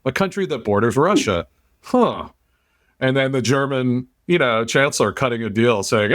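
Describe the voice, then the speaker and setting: A man's voice: medium pitch, moderate pace, no room sound, studio quality. An American man hosting a podcast, talking in a blunt, opinionated way, swearing now and then. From United States. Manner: blunt, swears, animated rants. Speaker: podcast host. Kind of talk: casual opinionated chat.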